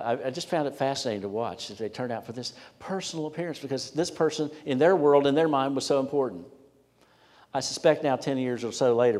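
A man's voice: medium pitch, darkish tone. A man preaching from the pulpit with a mid-range voice. He builds emphasis on key phrases, then drops almost to a whisper for reflective asides. His voice rings out with a long reverb through a large church sanctuary. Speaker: pastor. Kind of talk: sermon.

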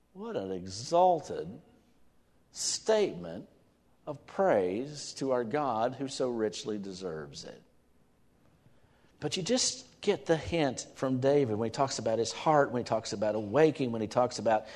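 Recorded with long hall reverb, a male pastor delivers a sermon in a medium, somewhat dark, sing-song voice, unhurried and full of long pauses. He poses questions to the congregation and reads scripture with mounting fervor.

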